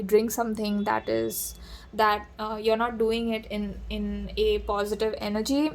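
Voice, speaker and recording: A woman giving a casual spoken tarot reading, talking straight to the listener and drifting into digressions and asides. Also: on the high side. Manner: digressive, addresses the listener directly with frequent asides. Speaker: tarot reader.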